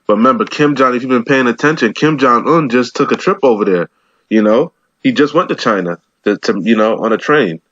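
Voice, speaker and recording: A man's voice: medium pitch, brisk, a bit bright, no room sound, highs cut off. A man giving loose, streetwise commentary on scripture, rambling and peppering his talk with slang. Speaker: bible teacher.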